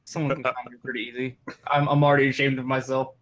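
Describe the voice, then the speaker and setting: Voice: mid-range voice, flat delivery, fast, fairly bright tone, poor audio. A speaker in casual banter, mocking himself. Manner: self-mocking.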